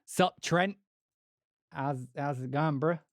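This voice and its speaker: Man doing a fake Australian-ish accent, goofy, mock-friendly, slightly high voice. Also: takes it slowly, no echo, studio quality. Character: jokey man in a put-on Aussie-ish accent.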